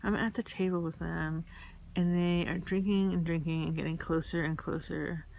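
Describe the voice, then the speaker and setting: A woman from New York telling rambling, candid personal stories, halting with fillers and restarts. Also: lowish voice, fairly even intonation, gravelly, darkish tone. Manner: candid, confessional. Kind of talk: casual personal storytelling.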